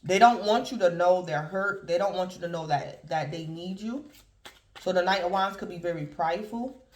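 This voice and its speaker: High-voiced man giving a rambling tarot reading. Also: moderate pace. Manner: rambling, keeps addressing listeners as "collective". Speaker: tarot reader. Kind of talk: casual tarot reading to viewers. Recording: roomy echo.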